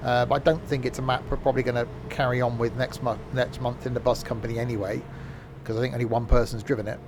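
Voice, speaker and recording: A man streaming a driving game, chatting casually and rambling along with dry, dark humour. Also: medium pitch, flat delivery, quick pace, background noise. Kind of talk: casual gameplay commentary.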